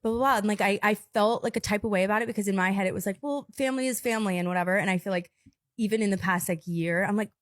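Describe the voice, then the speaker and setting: A woman's voice: mid-range voice, dry recording, clean studio sound. A young woman in her twenties co-hosting a podcast, talking in a sympathetic, casual way with lots of fillers. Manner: sympathetic, quick, filler-heavy. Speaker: podcast co-host. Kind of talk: casual chat.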